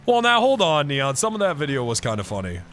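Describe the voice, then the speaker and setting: A man streaming live, chatting casually with an excitable, profane manner and mock-outraged outbursts. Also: on the high side, fast talker, slight background noise.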